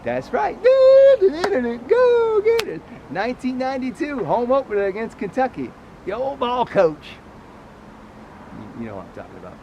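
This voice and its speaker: Excitable man shouting chants in wind. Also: high-pitched, moderate pace, dull audio. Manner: excitable, jokey, jumps to loud chants. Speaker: sports travel vlogger. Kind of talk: casual travel vlog. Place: outdoors at a stadium, windy. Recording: loud wind noise on an outdoor mic.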